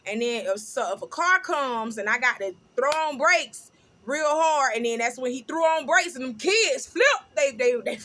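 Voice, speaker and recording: A middle-aged woman hosts a casual gossip-and-news vlog in a bright, ringing voice pitched a little high. She talks loud and animated, breaking into laughter as she tells stories. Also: moderate pace. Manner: loud, laughing, animated storytelling with sung snippets. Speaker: host.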